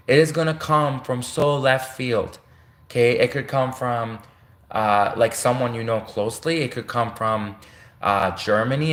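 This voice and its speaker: A man's voice: medium pitch, a bit bright. Rambling Canadian man on a livestream. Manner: rambling, self-correcting, addresses a public figure directly.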